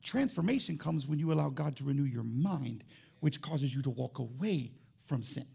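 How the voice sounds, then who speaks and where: A pastor preaching a lively, jokey sermon, shifting between quick asides and shouted high points. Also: male voice, vocal fry, husky.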